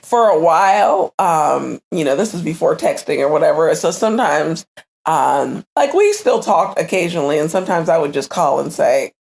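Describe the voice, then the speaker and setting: Animated laughing woman telling a story. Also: sits low, moderate pace, creaky. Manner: animated, laughing, acts out quotes. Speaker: podcast co-host. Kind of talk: casual chat, storytelling.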